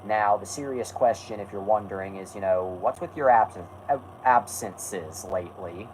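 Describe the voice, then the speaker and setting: A man's voice: on the low side, moderate pace, a little mellow, a little hiss or hum, low-quality recording. A man hosting a casual stream, rambling and correcting himself while answering chat. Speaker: host.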